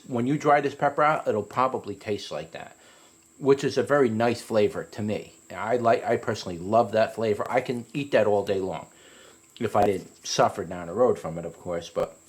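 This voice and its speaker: A man giving a casual, rambling review of a hot pepper, often restarting his sentences and climbing higher when he retells a story.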